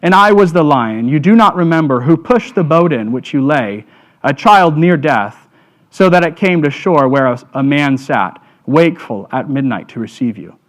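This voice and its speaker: A man reading aloud, voicing a huge, solemn male lion who speaks slowly and with quiet command. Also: fairly high pitch, lively intonation, lightly acted. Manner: slow, grave and quiet.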